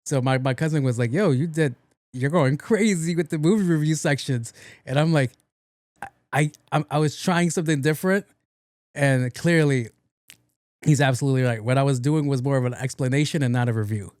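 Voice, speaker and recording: A young man hosts his own podcast and spins a funny story in a loose, swearing, lively manner. His voice sits in a medium pitch range. It sounds close to the mic and dry, with almost no room sound. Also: fairly quick, no room sound. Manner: animated, profane, laughs at his own story. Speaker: podcast host. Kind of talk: casual comedic storytelling monologue.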